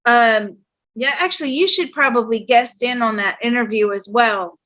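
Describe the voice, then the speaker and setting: A woman psychic host with a high, bright voice, chatting casually. She tells her stories in an animated, lively way and laughs often. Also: normal speed. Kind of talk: casual chat.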